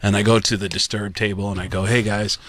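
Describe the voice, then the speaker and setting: A man, a comedian telling road stories on a podcast in a casual, animated way, acting out the people he quotes. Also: lowish voice, fast, no echo.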